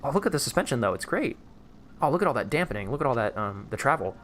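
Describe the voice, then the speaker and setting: A young man hosting a live stream, chatting casually and getting excited as he reacts to what he sees. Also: medium pitch, fast, a little hiss or hum. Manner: excitable, chatty, reads chat aloud. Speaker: livestream host. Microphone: desk microphone.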